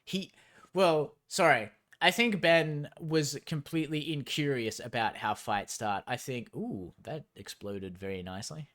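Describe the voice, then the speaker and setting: A man reads a novel aloud on stream and keeps stopping to mock it with dry sarcasm. He talks at an unhurried, drawn-out pace and wanders off into long, rambling tangents. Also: medium pitch, a bit bright. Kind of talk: reading aloud with sarcastic commentary.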